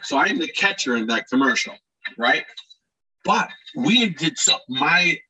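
Husky-voiced man telling animated stories. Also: fairly high pitch, a little slow, recorded from a distance, highs cut off. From Scranton, Pennsylvania. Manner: animated anecdotes with shouted quotes. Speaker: podcast guest, actor and DJ. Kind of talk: casual storytelling.

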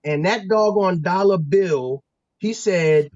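A man from Pennsylvania, a former football player and guest, telling stories in a casual, animated, slangy way with lots of restarts. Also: high voice, measured pace, dry recording, lo-fi sound. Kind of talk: casual storytelling.

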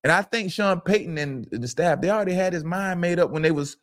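A man's voice: high voice, fairly quick, fairly bright tone. A middle-aged man, a former football player co-hosting a casual sports talk show, telling stories emphatically and repeating his phrases.

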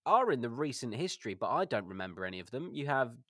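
A man's voice: medium pitch, sing-song, fast talker, fairly bright tone, dry recording, studio quality. A man co-hosting a football podcast, thoughtful and hesitant, full of fillers. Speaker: podcast co-host. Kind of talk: casual chat.

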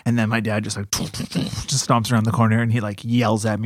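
A man's voice: lowish voice, little pitch movement, brisk, darkish tone, no echo, clean studio sound. A man telling childhood stories in casual chat, often laughing as he talks. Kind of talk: casual storytelling.

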